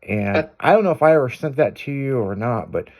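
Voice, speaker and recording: A man's voice: mid-range voice, animated, fairly quick, gravelly, a little mellow. A man hosting a radio show, telling stories in casual banter with crude language and frequent laughter.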